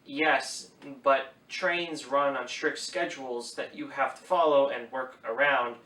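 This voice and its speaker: A man's voice: medium pitch, fairly even intonation, takes it slowly, sharp tone. A man giving a casual book review, chatty and opinionated, with wry asides. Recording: echoey room, voice a bit distant from the mic.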